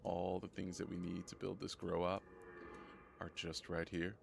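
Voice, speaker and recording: A hoarse, sick young man streaming live gameplay, chatting casually and rambling, often repeating himself. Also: deep voice, completely flat delivery, normal speed, a little hiss or hum. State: hoarse from a cold.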